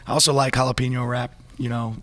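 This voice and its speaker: A man's voice: mid-range voice, little pitch movement, fast, fairly bright tone. A man, a football head coach, giving easygoing, plain-spoken answers in a casual interview.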